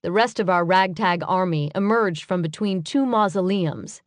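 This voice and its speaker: A woman narrating a first-person urban fantasy audiobook in a measured, earnest way. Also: lowish voice, no room sound, studio quality.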